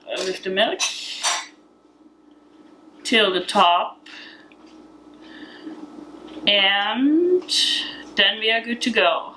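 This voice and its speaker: A woman with an Austrian accent walks through a recipe at an unhurried, easy pace. Her voice is bright and forward, and she keeps a chatty, laughing manner with plenty of fillers. It sounds like a casual cooking demonstration at home. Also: medium pitch, slight background noise, rough recording.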